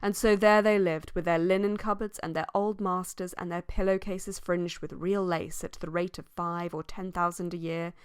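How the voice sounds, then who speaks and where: A woman reading a novel aloud as an audiobook, with expressive rises in pitch for emphasis. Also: moderate pace, hardly any pauses, clean tone, dry recording, studio quality. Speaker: audiobook reader. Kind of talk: scripted audiobook narration.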